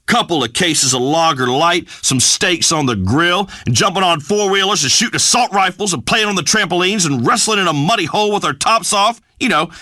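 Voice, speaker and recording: Pompous macho redneck radio host: high, bright, lively, dry read. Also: male voice, dry recording, exaggerated voice. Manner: blustering, pompous pronouncements. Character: brash macho redneck male radio host, middle-aged. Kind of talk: scripted radio comedy acting.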